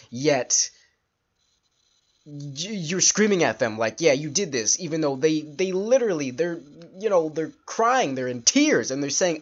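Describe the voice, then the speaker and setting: A man hosting his own podcast, ranting in a frustrated, halting way with sighs and restarts. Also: a little high, highs cut off. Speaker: podcast host. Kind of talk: solo podcast rant.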